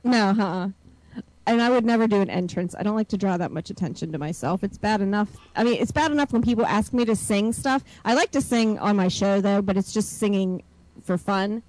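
A woman's voice: medium pitch, brisk, darkish tone. A woman calling in over a video call line, chatting casually and explaining at length. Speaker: caller guest. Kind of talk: casual chat. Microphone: computer call mic.

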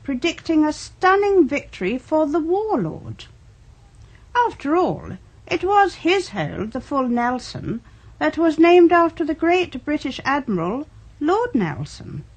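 Haughty old queen, a woman putting her on, high voice swooping all over, prim stately tv bit. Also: low-quality recording. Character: impression of an elderly British queen, haughty. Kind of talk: played-back wrestling TV skit.

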